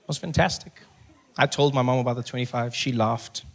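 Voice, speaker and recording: Brisk and mid-range with some vocal fry, this man in his thirties has a South African accent. He's doing stand-up comedy, animatedly telling stories that rise to loud punchlines.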